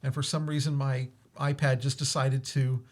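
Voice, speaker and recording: A man's voice: mid-range voice, level tone, normal speed. A man hosting a casual talk, telling a ghost story with many fillers and restarts and frequent laughs. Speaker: host.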